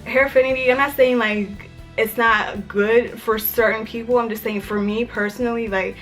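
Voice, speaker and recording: A woman's voice: on the high side, steady tone, normal speed. A young woman from Maryland telling a personal story in a casual vlog, chatty and full of "like". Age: young adult. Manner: chatty, filler-heavy with frequent "like". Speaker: vlogger. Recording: faint music under the voice. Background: soft background music.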